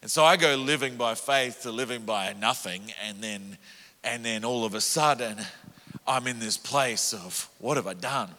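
A middle-aged man preaching a storytelling sermon, animated and self-mocking, laughing often. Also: medium pitch, a little slow. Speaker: evangelist preacher. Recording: echoey hall.

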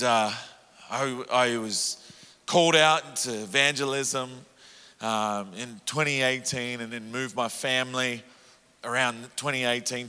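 A middle-aged evangelist tells stories from the pulpit, animated and self-mocking, often breaking into laughs. His voice is bright and forceful, in a mid register. Long reverb from a large hall trails his words. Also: mid-range voice. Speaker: evangelist preacher. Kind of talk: storytelling sermon. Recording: echoey hall.

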